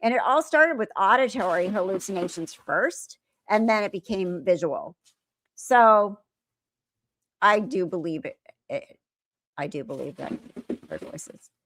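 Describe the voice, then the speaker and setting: A woman's voice: mid-range voice, lively intonation, measured pace, long pauses, a bit bright. A middle-aged woman hosting a live stream, chatting casually with her viewers and telling stories animatedly. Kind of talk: casual live commentary reading chat.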